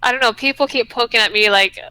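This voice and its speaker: A bright, clear-voiced woman from the US West Coast chats casually and laughs easily. She tells stories in a lively way. The close, dry recording carries no room sound. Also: fairly high pitch, quick pace, no echo. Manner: chatty, laughs often, lively storytelling. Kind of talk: casual chat.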